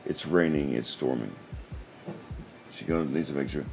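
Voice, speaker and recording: A man's voice: rumbling low, normal speed, gravelly, a little mellow, soft background music. A man, hosting a casual livestream and telling a story with many restarts. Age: 40s. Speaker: livestream host.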